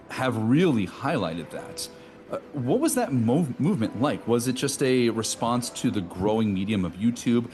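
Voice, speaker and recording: Podcast co-host: man from Wisconsin, lower voice, casual, asks long rambling questions. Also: darkish tone. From Wisconsin, USA.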